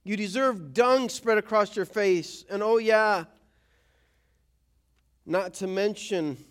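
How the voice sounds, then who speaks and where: A man preaching a conversational sermon as a pastor, acting out quoted voices. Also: sits high.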